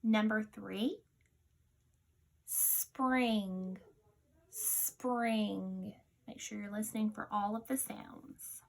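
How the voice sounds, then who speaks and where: A woman teacher leading a recorded phonics dictation lesson, sounding out each word slowly and deliberately. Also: medium pitch, fairly even intonation, vocal fry.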